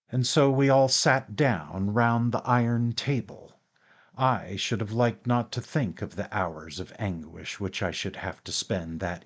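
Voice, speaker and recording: A man reading a classic novel as an audiobook narrator, in a measured, even way through long sentences. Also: fairly low pitch.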